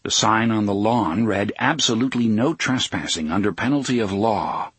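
Very husky man reading a story. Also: on the low side, normal speed, a bit bright, dry recording. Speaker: audiobook narrator. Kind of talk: scripted narration.

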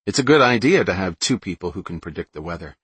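A man reading a brainy teenage girl who explains her plans in a precise, calm way, in an audiobook. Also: sits low, fast talker, slightly rough, no room sound, full character voice. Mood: friendly.

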